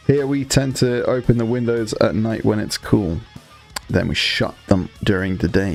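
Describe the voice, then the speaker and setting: A man's voice: lowish voice, steady tone, moderate pace, vocal fry, soft background music. A man hosting a live stream, chatting casually to viewers while painting miniatures. He rambles loosely and swears freely as he talks. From Scotland.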